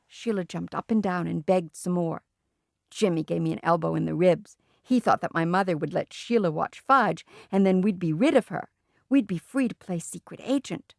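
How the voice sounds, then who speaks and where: Steady woman reading a storybook. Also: fairly low pitch, moderate pace, vocal fry, dry recording, clean studio sound. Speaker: audiobook reader. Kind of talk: children's book read-aloud.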